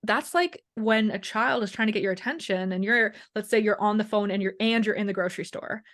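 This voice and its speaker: A woman who works as a chronic pain and wellness coach talks casually as a guest in an interview, speaking fairly quickly in a mid-range voice. She is animated, acts out quoted voices, and peppers her speech with "like" and "you know".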